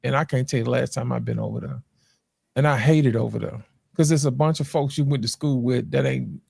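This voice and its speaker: Gravelly animated man chatting. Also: brisk, no room sound, clean studio sound. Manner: animated storyteller, jumps into high mocking voices. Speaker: podcast co-host. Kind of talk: casual barbershop chat.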